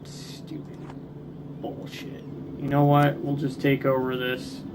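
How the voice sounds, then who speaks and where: A man's voice: medium pitch, completely flat delivery, normal speed, background noise. A man commenting casually on his strategy game, muttering and ranting in frustration at it. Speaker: gameplay video creator.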